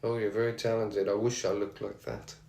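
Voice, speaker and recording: Gentle older rocker with a Birmingham accent, put on by a man, low and roomy. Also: level tone, fairly quick, vocal fry. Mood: kindly. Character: soft-spoken older metal singer, kindly. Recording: roomy echo.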